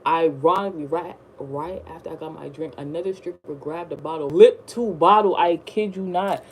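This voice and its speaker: A woman telling a rambling storytime in casual slang, jumping up high when she acts surprised. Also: moderate pace, slight background noise, rough recording. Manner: rambling, slangy, animated retelling. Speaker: vlogger.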